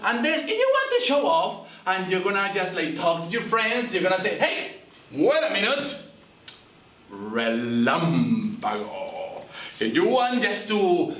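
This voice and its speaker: A man presenting a playful word-of-the-week segment on a school news show, animated and teasing, drawing out the Spanish words. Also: sits high, moderate pace, few pauses, echoey room, far from the mic.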